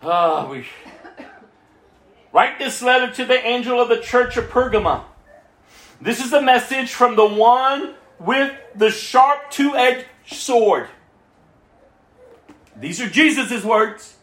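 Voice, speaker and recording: A man preaching a sermon, swinging between hushed near-whispers and loud bursts and addressing listeners by name. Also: extremely high pitch, takes it slowly, roomy sound, rough recording. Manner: talks straight to listeners by name.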